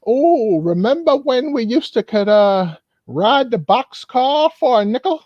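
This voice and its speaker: A man voicing a chatty elderly person who reminisces about old times in a high, hesitant voice. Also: very animated, unhurried, no room sound, exaggerated voice. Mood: nostalgic. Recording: dull, lo-fi.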